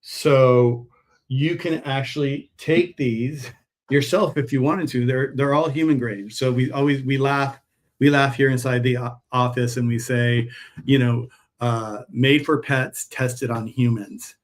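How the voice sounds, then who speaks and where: A man hosts a live stream and talks straight to his viewers, telling a long story off the cuff. His voice sits at an ordinary middle pitch, and he often stops and restarts mid-sentence. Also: fairly even intonation, unhurried. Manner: rambling storyteller, many restarts. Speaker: host, pet supplement seller.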